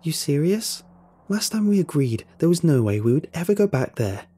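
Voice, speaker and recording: A man putting on a bossy older boy, high and excitable, husky edge, animated storyteller voice. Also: normal speed. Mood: alarmed. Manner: animated, raised and eager.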